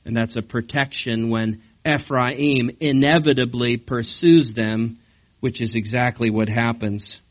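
A man preaching a sermon during a church service, animated and asking the congregation questions. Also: mid-range voice, unhurried. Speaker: pastor. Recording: slightly dull recording.

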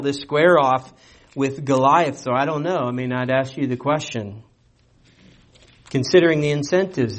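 A man preaching a sermon, animated and conversational, with rhetorical questions and playful asides. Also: on the high side. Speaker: pastor.

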